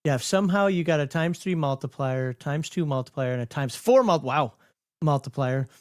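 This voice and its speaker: A man's voice: on the high side, expressive, normal speed, no room sound, clean studio sound. Rambling Minnesotan man explaining rules. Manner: rambling, self-correcting, laughs often. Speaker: host explaining game rules. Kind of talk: casual livestream rules breakdown.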